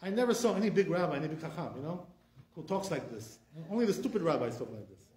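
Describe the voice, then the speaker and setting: Man, rabbi, high voice, quick delivery, echoey room. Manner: animated, repetitive fillers, speaks with conviction. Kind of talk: informal Torah class.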